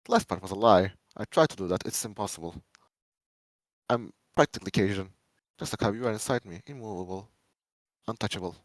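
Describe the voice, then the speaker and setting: A man giving a dramatic reading of fan fiction, a first-person monologue, swinging between menacing loud lines and hushed pleading ones. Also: fairly low pitch, animated, a little fast, pauses often, dry recording, rough recording.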